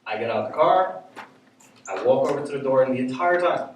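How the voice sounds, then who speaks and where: A man telling a story live on stage, animated and often laughing as he speaks. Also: mid-range voice, a little fast. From United States. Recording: very echoey room, distant mic, faint noise.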